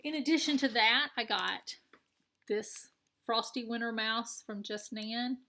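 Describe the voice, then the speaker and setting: A woman's voice: fairly high pitch, a little slow, sharp tone, a little hiss or hum. A woman with a Southern American accent chatting casually and enthusiastically while showing her craft purchases. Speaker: cross-stitch vlogger. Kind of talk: casual show-and-tell chat.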